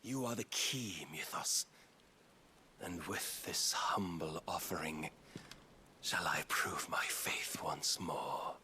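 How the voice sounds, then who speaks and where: An actor playing a zealous middle-aged villain king in a video game, measured, solemn and menacing. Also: deep voice, pushed and bright, in a whisper, full character voice. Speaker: game character.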